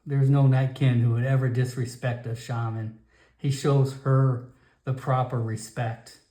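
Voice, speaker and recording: A man narrating a solo tabletop game in a slow, halting way with fillers. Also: medium pitch, flat delivery, mellow. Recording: echoey room.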